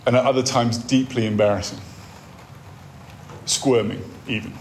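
A man's voice: medium pitch, steady tone, moderate pace, darkish tone, a little hiss or hum. A man giving a wry, conversational talk on a faith course, telling stories to make his points. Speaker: course speaker.

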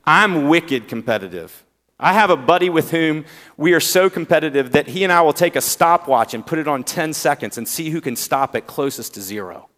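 A man with a Southern accent preaching a sermon, drawing out key words with pauses and swinging between loud emphasis and hushed tones. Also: fairly high pitch. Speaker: pastor. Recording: long hall reverb.

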